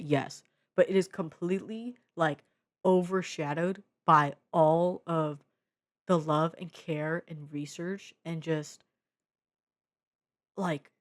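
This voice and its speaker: A young Bay Area vlogger reviews her favorite films in a low voice, excitable and slangy, swearing freely amid a stream of fillers. She talks straight into her own desk mic, so the sound is dry and close with no room echo.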